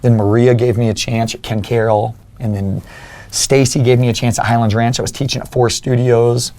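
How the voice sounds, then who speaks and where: A man's voice: medium pitch, flat delivery, a little fast, warm tone. A young man, a fitness coach as a podcast guest, earnestly telling his own story and acting out remembered conversations. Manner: earnest, acts out remembered dialogue. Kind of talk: personal storytelling in an interview.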